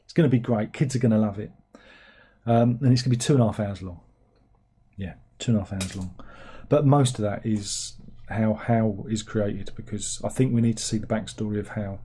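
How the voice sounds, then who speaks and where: A man's voice: on the low side, fairly quick, mellow, slight background noise. A man hosting a casual livestream, ranting sarcastically and rambling about films. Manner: sarcastic, rambling, mocks with put-on plummy voices. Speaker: livestream host. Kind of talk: casual film rant.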